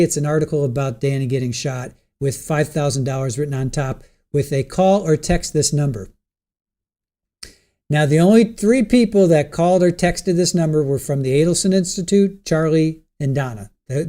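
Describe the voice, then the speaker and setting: A man's voice: a little high, warm tone. A man hosting a live stream, casually recapping the day's trial testimony and asking his viewers what they think. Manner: chatty, recounts testimony, asks chat questions. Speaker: trial commentary host.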